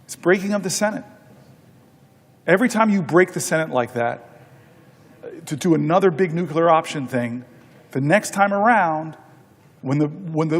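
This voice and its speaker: Middle-aged male senator, high voice, storytelling on the floor, halting delivery, echoing hall. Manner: halting, repeats words, folksy anecdotes. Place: large legislative chamber. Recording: long reverb of a large chamber.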